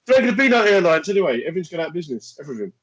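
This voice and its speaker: A man co-hosting a podcast in relaxed, casual chat. His voice swings widely up and down as he jokes and gets worked up in mock outrage. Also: high-pitched, very fast, rough recording. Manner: animated, indignant, joking. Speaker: podcast co-host.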